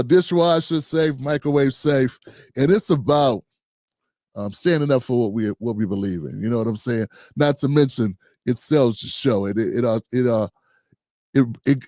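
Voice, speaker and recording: A man's voice: mid-range voice, darkish tone, dry recording, studio quality. An older man hosting a livestream, casual and joking, rambling and talking to himself. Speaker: host.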